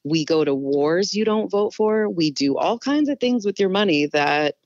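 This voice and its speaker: A woman's voice: fairly low pitch, expressive, darkish tone, no room sound, highs cut off. A woman, a comedian guest on a podcast, chatting casually and arguing politics with passion. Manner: opinionated, talks politics fast and passionately.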